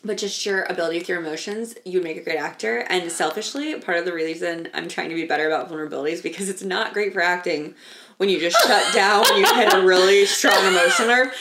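A woman's voice: on the low side, quick pace, fairly bright tone, slight background noise. A woman co-hosting a podcast, speaking candidly and reflectively in casual chat. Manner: candid, reflective, talks at length about a breakup. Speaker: podcast co-host.

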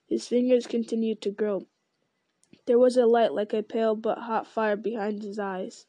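Mellow-voiced woman reading a novel. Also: on the high side, dry recording. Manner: even, unhurried reading with small restarts. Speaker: audiobook reader.

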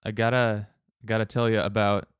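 Man, low voice, smooth and resonant, dry close sound, casual rambling chat, wry jokes. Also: little pitch movement, normal speed, dry recording.

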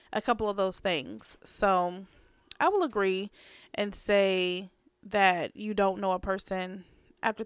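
Clear-voiced woman telling a story on a podcast. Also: medium pitch, no echo, clean studio sound. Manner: storytelling, blunt, swearing. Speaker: podcast co-host. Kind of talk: casual chat.

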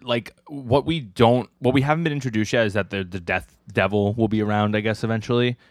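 A man's voice: on the low side, brisk, no room sound, studio quality. A man co-hosting a casual podcast in a laid-back way, thinking aloud with many fillers. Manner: laid-back, lots of "like" fillers, laughs often. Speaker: podcast co-host. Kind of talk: casual chat.

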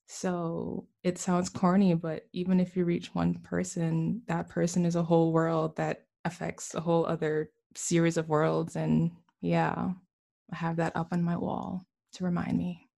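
A woman's voice: lowish voice, little pitch movement, unhurried, vocal fry, dark tone. Soulful woman with a Caribbean lilt. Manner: earnest, soulful, laughs easily. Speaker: musician and spiritual healer guest. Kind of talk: reflective podcast conversation.

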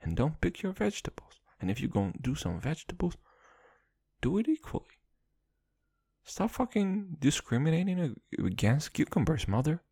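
Brief: young male podcast host, gravelly and husky, lively swoops in pitch, crude comic rambling. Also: normal speed, dry recording, clean studio sound. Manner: profane, loose and jokey, talks of himself as "your boy". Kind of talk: rambling comedic monologue.

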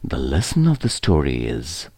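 A man reading a children's story aloud in a soft, half-whispered voice. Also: very deep voice, wildly swooping pitch, normal speed, slightly rough, no echo, studio quality.

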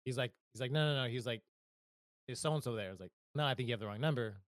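A man's voice: mid-range voice, fast, no echo. A man co-hosting a podcast, telling a story in casual chat, often laughing and quoting himself. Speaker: podcast co-host.

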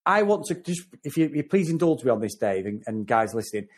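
Animated rambling Mancunian man. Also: mid-range voice, a little fast, husky. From North West England. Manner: rambling and animated, repeating words as he goes. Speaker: podcast co-host. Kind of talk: casual film review chat.

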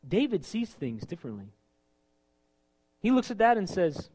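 A man preaching a sermon, emphatic and animated, acting out scripture scenes as he goes. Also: medium pitch, fairly quick.

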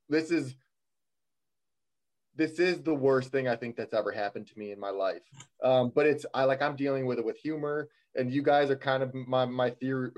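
A young man telling a personal story on a podcast in a casual, rambling way, with fillers and wry humor. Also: mid-range voice. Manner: rambling, self-deprecating humor, many fillers.

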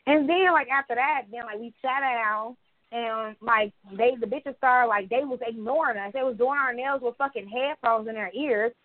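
A young woman co-hosting a podcast, telling stories in a casual, animated way with plenty of swearing and acted-out quotes. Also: fairly high pitch, normal speed, dry recording. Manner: animated storytelling, swears freely, acts out quotes. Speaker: podcast co-host. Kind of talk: casual chat. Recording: dry, phone-like sound.

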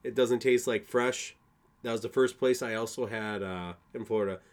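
A young man from Wisconsin hosts a casual solo podcast, rambling, swearing a great deal and laughing at his own jokes. He speaks at a moderate pace in a steady, medium-pitched voice.

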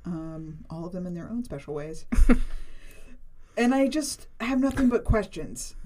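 A woman's voice: fairly low pitch, warm tone. Playful, chatty woman podcast host. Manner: chatty, playful, laughing between phrases. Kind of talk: casual chat.

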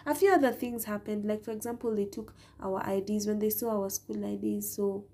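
A young Kenyan woman in her twenties hosting a podcast, telling a story in a chatty, animated way with Swahili words mixed in. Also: medium pitch, a little fast, creaky. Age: 20s. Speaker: podcast host. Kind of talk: casual storytelling.

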